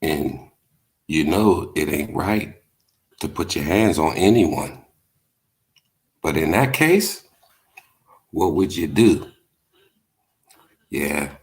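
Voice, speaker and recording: A man hosting a livestream, chatting casually, telling stories and reading comments, laid-back and profane with lots of filler words. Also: very deep voice. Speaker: livestream host.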